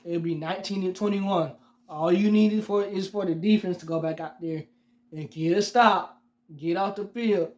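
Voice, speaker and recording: A man hosting his own sports podcast, ranting heatedly and mockingly at rival fans and repeating himself for emphasis. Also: sits high. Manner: heated, repetitive, addresses fans directly; mocking and teasing. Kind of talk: solo sports rant.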